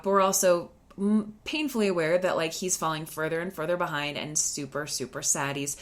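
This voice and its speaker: Chatty woman with a lowish voice. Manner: chatty, full of "like" and quick restarts. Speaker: podcast host. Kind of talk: casual personal storytelling.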